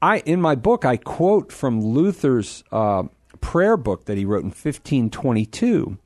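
A man speaking as a guest on a radio show, explaining things in an animated, self-deprecating way. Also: medium pitch, measured pace, no echo, clean studio sound. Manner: animated, explanatory, laughs at himself. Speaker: guest, apologist.

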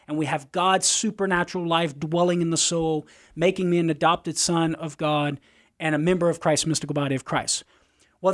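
A man on a call-in radio show answering a caller's question in a slow, deliberate, teaching manner. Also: high voice, a bit bright. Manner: slow, deliberate, carefully explaining.

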